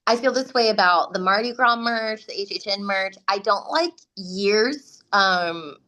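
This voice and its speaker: A woman co-hosting a podcast over a video call, sharing animated, enthusiastic opinions in casual chat. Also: medium pitch, a little slow. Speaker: podcast co-host.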